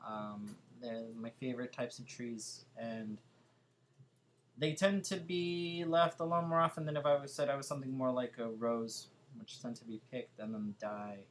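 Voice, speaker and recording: A man's voice: medium pitch, fairly even intonation, moderate pace, a little hiss or hum. A young man with a Californian accent, chatting casually as a vlogger answering viewer questions, hesitant and full of fillers. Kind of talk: casual chat.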